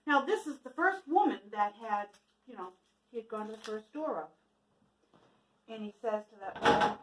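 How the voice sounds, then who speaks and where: A woman tells a folk tale to a church audience, cooking along as she goes and asking listeners questions. Her voice is high and very animated. The sound is roomy and heard from some distance. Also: normal speed, long pauses, a little hiss or hum. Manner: lively, asks the listeners questions. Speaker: storyteller for a church children's message. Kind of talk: casual storytelling with a cooking demo. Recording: echoey room from a distance.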